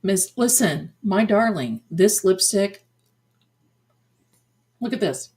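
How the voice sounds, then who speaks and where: A woman's voice: medium pitch, lively intonation, takes it slowly, a little mellow. An older woman hosting a psychic livestream in casual, effusive chat, full of endearments like "my darling.". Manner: chatty and effusive, showering viewers with endearments. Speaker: psychic medium and livestream host.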